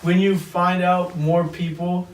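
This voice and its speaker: A man's voice: high voice, little pitch movement, slow pace. A man in a casual podcast chat who gives encouraging remarks and short agreements. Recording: roomy, distant mic, noisy.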